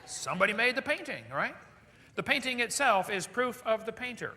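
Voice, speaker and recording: A man's voice: very high voice, expressive, moderate pace, bright, forceful tone. A man giving a live seminar lecture to an audience, firing off rhetorical questions with joking asides. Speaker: seminar speaker. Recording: echoey hall with long reverb.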